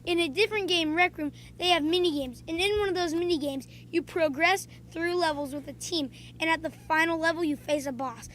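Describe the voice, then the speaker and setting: A woman talking casually in a vlog, telling playful stories with frequent pauses and "um"s. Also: very high voice, a bit bright, a little hiss or hum. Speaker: video creator.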